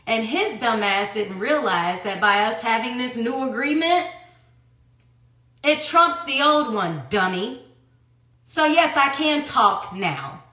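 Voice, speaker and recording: A woman's voice: on the high side, bright, forceful tone. A woman giving a heated personal account in an interview, blunt and profane, who hammers her points with repeated rhetorical questions. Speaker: interview guest. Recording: echoey room.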